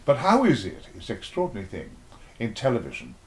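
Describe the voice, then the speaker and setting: A man's voice: mid-range voice, huge pitch swings, quick pace, slight background noise. An older man, an actor being interviewed, reminiscing in a rambling, playful way and acting out little exchanges as he tells them.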